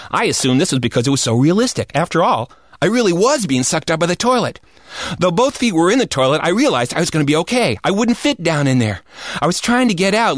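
Casting: expressive male storyteller, comic and animated, bone-dry close recording. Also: fairly high pitch, dry recording. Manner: animated, comic, rising into shouts at wild moments. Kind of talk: spoken personal story.

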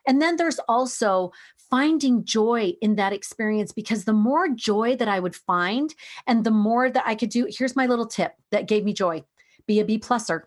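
A middle-aged woman with a fairly high voice, talking casually as a podcast guest. She tells her stories earnestly and with lively animation. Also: moderate pace. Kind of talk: casual conversation.

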